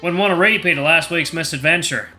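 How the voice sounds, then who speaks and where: A man's voice: a little high, quick pace, pushed and bright, soft background music, pitched above the performer's own voice. Man doing a cautious muttering gatherer.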